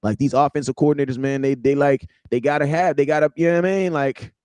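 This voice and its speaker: A man's voice: on the high side, fairly even intonation, fast talker, darkish tone, clear, resonant tone, dry recording. A man co-hosting a podcast, making emphatic, repetitive points in casual sports talk. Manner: emphatic, repeating points for effect. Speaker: podcast co-host.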